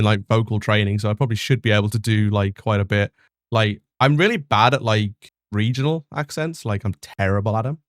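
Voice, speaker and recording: A man's voice: on the low side, no echo, clean studio sound. Chatty young man streaming a game. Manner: chatty, self-mocking, trails off with fillers. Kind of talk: casual chat over gameplay.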